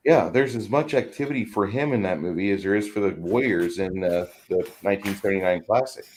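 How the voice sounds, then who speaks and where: Deep-voiced male streamer, casual home chat, trips over his words. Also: brisk, darkish tone, a little hiss or hum. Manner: rambling, stammers and repeats words. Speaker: stream host. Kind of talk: casual chat while painting miniatures.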